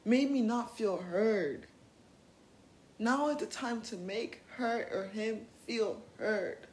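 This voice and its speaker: A young woman hosting a self-help podcast, talking in an earnest, animated way, laughing often and swearing casually. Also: on the high side, takes it slowly, roomy sound, rough recording. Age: young adult. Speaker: podcast host.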